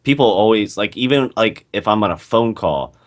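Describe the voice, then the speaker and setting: A man's voice: on the low side, animated, moderate pace. A man co-hosting a casual podcast over an online call, talking in a laid-back, hesitant way with lots of fillers. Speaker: podcast co-host. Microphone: call microphone.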